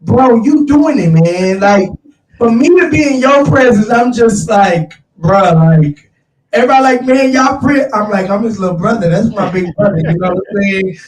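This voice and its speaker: A man hosting a casual chat, talking in an animated, slangy way and calling his listeners y'all. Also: sits high, normal speed, recorded from a distance, slight background noise. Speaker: show host. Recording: roomy, off-mic sound.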